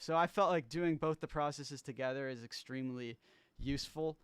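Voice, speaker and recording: A man's voice: medium pitch, clear, resonant tone, no echo. A man casually breaking down how he made his own album on a livestream, rambling loosely, swearing, trailing off and restarting.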